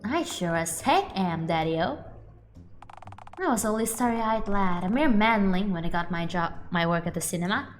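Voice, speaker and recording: A woman's voice: mid-range voice, lively intonation, moderate pace, a little hiss or hum, close to an everyday voice. A woman reading as a laid-back young guy with retro slang. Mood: easygoing. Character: young man full of retro hip slang.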